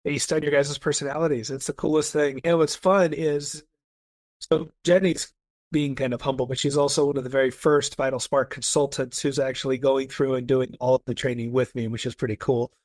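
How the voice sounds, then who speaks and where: A man's voice: medium pitch, level tone, brisk, a little mellow, dry recording. A man talking eagerly as a podcast guest, telling stories in a casual, enthusiastic way with frequent restarts. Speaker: guest, personality coach.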